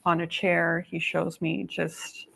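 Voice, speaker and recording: A woman working as a psychic medium, talking through a reading over a video call in a halting way, full of "um" and "like". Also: on the low side, monotone, gravelly, fairly bright tone, breathy edge.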